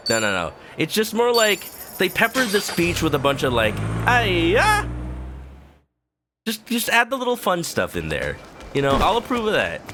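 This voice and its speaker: A man's voice: fairly high pitch, wildly swooping pitch, fairly quick, noisy background. A male streamer giving casual, rambling, joking commentary over gameplay.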